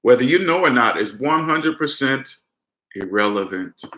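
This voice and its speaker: A man's voice: mid-range voice, lively intonation, moderate pace, pushed and bright. A man giving a blunt, emphatic personal finance lecture straight to his viewers, often restarting his sentences. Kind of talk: casual lecture to the camera. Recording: roomy echo.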